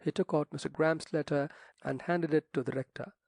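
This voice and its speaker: A man narrating a classic mystery audiobook in a measured storytelling read. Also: on the high side, steady tone, vocal fry, darkish tone, no echo. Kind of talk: scripted narration.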